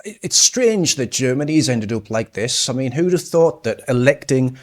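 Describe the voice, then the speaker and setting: A man's voice: medium pitch, lively intonation, normal speed. A man giving sarcastic, mocking political commentary over clips. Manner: sarcastic, mocking, with scornful laughs.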